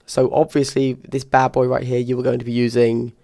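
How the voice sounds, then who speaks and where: A man with a gravelly, creaky edge talks through tabletop game rules in a relaxed, thinking-aloud way. He weighs each option out loud and drops quick asides. The sound is close and dry, with no room around it. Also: medium pitch, no echo. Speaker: tabletop wargame reviewer.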